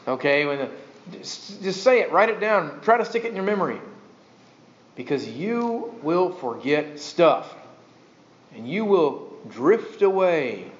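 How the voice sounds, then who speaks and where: Delivering a sermon with animated energy, this male pastor has a voice that sits rather high for a man. He often breaks into little character voices and rhetorical questions, captured on a slightly muffled, dull recording.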